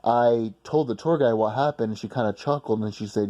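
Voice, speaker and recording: A man's voice: fairly low pitch, steady tone, a little fast, hardly any pauses, warm tone, dull audio. A man casually telling a personal story in a rambling, blunt way with some swearing.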